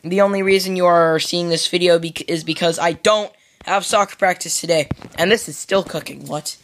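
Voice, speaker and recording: A man's voice: on the high side, big pitch swings, moderate pace, creaky, fairly bright tone. A young American man rambling through casual gameplay commentary, goofy and full of silly "boop" sound effects. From United States. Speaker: gamer.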